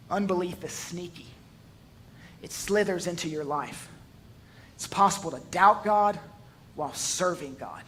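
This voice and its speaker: A man's voice: high voice, takes it slowly, pauses often, a bit bright. A male pastor preaching a sermon, mixing jokes into his storytelling and swelling to emphatic peaks.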